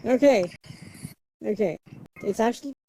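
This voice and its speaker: A woman with a fairly high, warm voice speaks at an unhurried pace on a rough recording with slight background noise. She's a livestreamer chatting casually, muttering to herself while she sets things up and humming and singing nonsense syllables.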